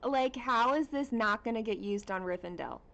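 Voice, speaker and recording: A woman hosting a casual cross-stitch livestream at home, chatting with viewers and reading out their comments in an unhurried way with plenty of fillers. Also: a little high, vocal fry, a bit bright, lo-fi sound.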